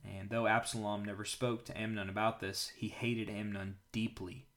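Calm low-voiced man reading scripture. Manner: calm, measured reading aloud. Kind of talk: daily Bible reading with prayer.

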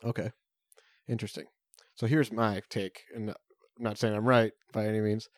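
A man's voice: fairly low pitch, level tone, moderate pace, no echo, studio quality. A man co-hosting a podcast, chatting casually, rambling with many fillers and restarts. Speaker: podcast co-host. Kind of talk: casual chat.

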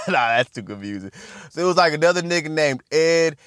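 Young man, profane movie recap rant, high-pitched, loud, animated, dry close sound. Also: moderate pace, clear, resonant tone, no echo. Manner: loud, animated, profane, talks straight at the characters. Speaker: comedic movie reviewer.

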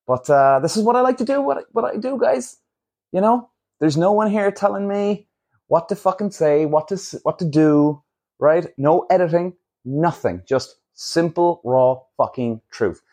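Husky-voiced man ranting on a podcast. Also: on the high side, measured pace. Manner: blunt, animated, swears freely. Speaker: podcast host. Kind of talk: casual solo podcast rant.

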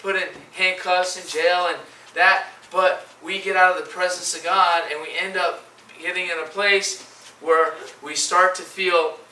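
Male preacher, slightly high voice, halting and repetitive, recorded from a distance. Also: level tone, pushed and bright, slight background noise. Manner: halting, repeats words, reads scripture in old-style phrasing. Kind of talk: sermon. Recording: echoey room from far off.

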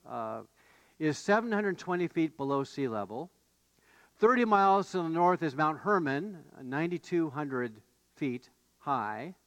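A male pastor preaching a conversational sermon, with fillers and restarts, rising to animated outbursts when he voices the disciples. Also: fairly high pitch, dry recording.

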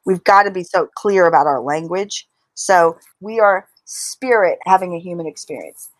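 A middle-aged woman, an interview guest and author, talking in an animated way and acting out inner voices. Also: fairly low pitch, moderate pace, dry recording. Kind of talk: conversational interview.

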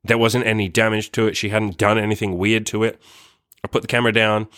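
A man's voice: fairly low pitch, level tone, fast talker, a bit bright, no echo, clean studio sound. A man vlogging a story in a casual, rambling way, swearing often and filling his talk with "like". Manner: rambling, profane, heavy use of "like".

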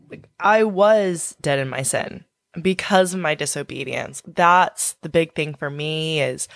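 A woman's voice: lowish voice, dry recording, clean studio sound. A woman co-hosting a Christian parenting podcast, tearful and speaking in a heartfelt, reflective way. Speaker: podcast co-host.

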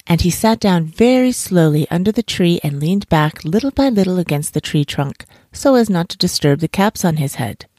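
Calm storyteller, a woman with a lower voice reading bedtime stories, dry and close. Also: no room sound. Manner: gentle, soothing, slow storytelling.

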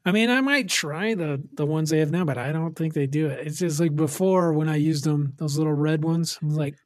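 Laughing, animated man on a podcast. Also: fairly high pitch, no echo, studio quality. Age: middle-aged. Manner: animated storyteller, quick to laugh and tease. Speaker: podcast co-host. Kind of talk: casual chat.

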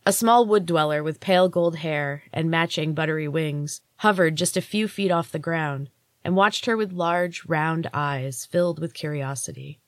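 A woman author narrating her own fantasy story in a steady, measured reading. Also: low voice, dry recording, studio quality. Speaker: podcast host and author reading her fiction. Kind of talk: audiobook narration.

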